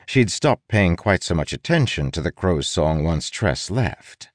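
A man reads an audiobook aloud in a wry, expressive way, his fairly low voice rising and falling freely. The recording is close and dry, with no room sound. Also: unhurried, dry recording. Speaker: narrator. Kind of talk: audiobook narration.

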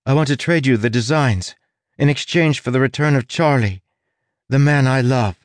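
A man's voice: medium pitch, moderate pace, dry recording, voice pushed up, lightly acted. A man voicing an earnest young woman adventurer in an audiobook, pleading her case in a raised voice. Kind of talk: audiobook character voice.

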